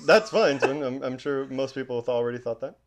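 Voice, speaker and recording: A man co-hosting a casual podcast, running a movie trivia game with lively banter and frequent laughter. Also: medium pitch, brisk. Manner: animated, laughs often, calls his co-host "Twin". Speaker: podcast co-host.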